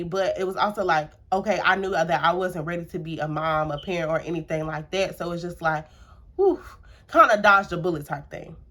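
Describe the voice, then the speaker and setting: This young adult woman shares a personal tale on camera as a storytime vlogger, chatty and repetitive, with many filler words. Her mid-range voice comes across bright and forceful.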